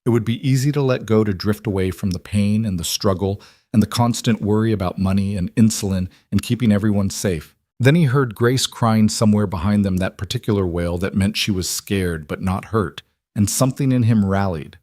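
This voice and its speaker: A man narrating a dramatic story in a steady, scripted storytelling manner. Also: lowish voice, brisk, no echo, clean studio sound.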